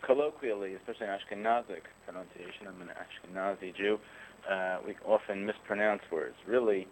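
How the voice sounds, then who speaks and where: Deep-voiced man explaining slowly. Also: a little hiss or hum, rough recording. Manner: thoughtful, measured, frequent "uh" pauses, occasional chuckles. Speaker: guest, rabbinic scholar. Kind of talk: conversational explanation.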